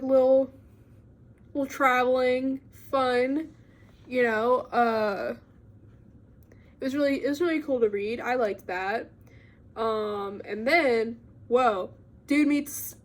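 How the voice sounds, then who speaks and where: A young woman casually recapping a book she read, rambling with lots of fillers and giggly asides. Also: on the high side. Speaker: book vlogger.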